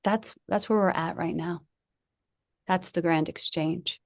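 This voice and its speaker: A woman's voice: lowish voice, unhurried, creaky, no echo, studio quality. A middle-aged woman giving a spiritual talk, chatty and laughing often as she tells personal stories. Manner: chatty, laughing, lively storytelling. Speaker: guest speaker.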